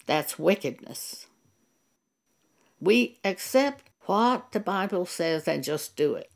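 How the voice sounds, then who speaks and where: An older woman giving a sermon, reading scripture and speaking in a slow, deliberate, firm and emphatic way. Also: fairly low pitch, expressive, creaky. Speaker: Bible teacher.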